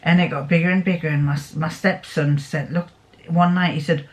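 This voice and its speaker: A woman's voice: on the low side, lively intonation, fairly quick. A middle-aged woman chatting casually in a sewing vlog, rambling fondly through a homely story. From England. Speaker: sewing vlogger. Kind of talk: casual chat.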